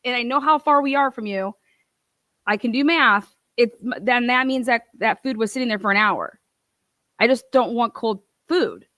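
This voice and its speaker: A woman's voice: fairly high pitch, normal speed, bright, forceful tone, dry recording. A young woman telling a heated, profane storytime rant, full of swearing and laughs. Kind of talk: ranting storytime.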